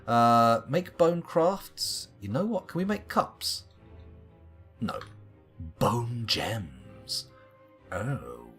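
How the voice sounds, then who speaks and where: A man's voice: medium pitch, husky. A man live-streaming a game, chatting casually and reading viewers' comments aloud as he plays. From United Kingdom. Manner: chatty, reads chat aloud and muses to himself. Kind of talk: live-streamed gameplay chat.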